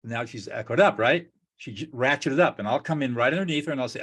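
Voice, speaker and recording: A man's voice: medium pitch, expressive, a little fast, fairly bright tone. A man co-hosting a talk on relationships, explaining a technique in an earnest, methodical way and acting out sample dialogue. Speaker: co-host teaching relationship skills.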